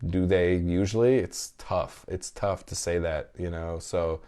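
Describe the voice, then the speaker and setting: A man's voice: sits low, fairly even intonation, measured pace, mellow, clear, resonant tone. A man in his thirties hosting a podcast, chatting candidly and emotionally while reading listener comments, swearing freely. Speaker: podcast host. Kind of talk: casual live chat reading listener comments.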